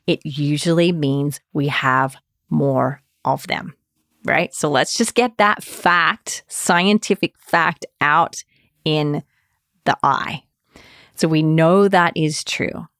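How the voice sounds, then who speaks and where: A woman's voice: low-pitched, no room sound, studio quality. A woman therapist hosting a podcast, explaining in a conversational way and often checking in with the listener. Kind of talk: podcast talk.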